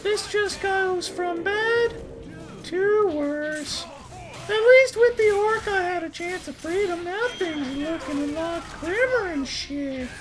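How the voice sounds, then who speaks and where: A man voicing a young heroine who has been taken captive, in a melodramatic falsetto. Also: slow, music in the background, rough recording. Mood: despairing. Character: whiny captured young heroine, high and dramatic.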